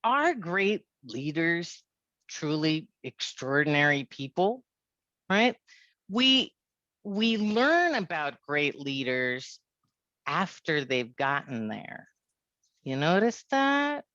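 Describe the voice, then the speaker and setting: A woman from India with an American accent leads an online leadership workshop. She talks lively and keeps checking in with the group, often tossing in "right?". Her voice is mid-pitched and comes through a dull, dry video call feed. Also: takes it slowly, dry recording. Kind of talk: leading a workshop.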